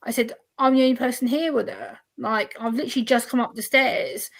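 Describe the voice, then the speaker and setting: A woman's voice: on the high side, fairly even intonation, brisk, vocal fry. A woman, a guest on a video-call chat, telling a personal story and acting out the other people's voices. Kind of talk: casual chat.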